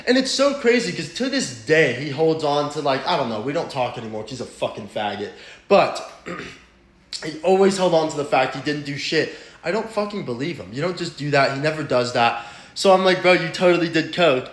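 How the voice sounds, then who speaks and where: A young man casually telling a rambling, profane personal story in slangy talk. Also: fairly high pitch. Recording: roomy echo.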